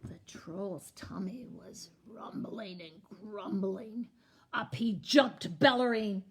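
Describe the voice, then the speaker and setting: A woman librarian reading a storybook aloud to young children in a playful, expressive way. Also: medium pitch, takes it slowly.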